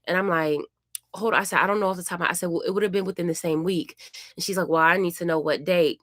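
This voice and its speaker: A woman vlogging from home, a mother telling a story in a chatty, animated way and acting out the lines of the people in it. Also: lowish voice, rapid-fire, dry recording, clean studio sound. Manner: animated, chatty retelling with acted-out quotes. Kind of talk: casual vlog storytelling.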